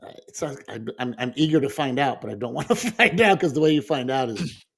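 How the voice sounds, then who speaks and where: A grieving man talks through a recent loss in a casual conversation. He speaks at an ordinary middle pitch, halting and restarting as he goes and breaking into soft laughs now and then. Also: lively intonation, gravelly, husky. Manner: halting, with restarts and soft laughs while telling a personal story. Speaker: podcast co-host.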